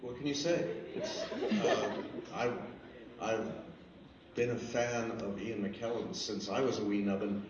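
A man on a panel telling an animated anecdote, laughing often. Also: lowish voice, measured pace, dull audio, a crowd in the background. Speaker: panel guest, comic writer. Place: convention hall stage. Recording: echoey hall from far off, clear background noise.

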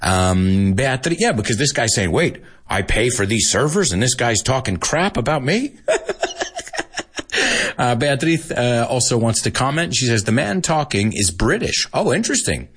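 A man teaching an English lesson to Spanish-speaking students on a live stream, animated and joking, slipping into Spanish and laughing often. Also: mid-range voice, moderate pace, slightly rough.

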